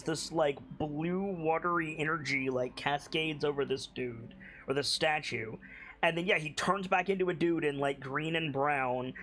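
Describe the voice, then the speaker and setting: A man's voice: a little high, bright, forceful tone. Laid-back male game master. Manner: laid-back, describing scenes with many "like"s. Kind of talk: narrating a tabletop game.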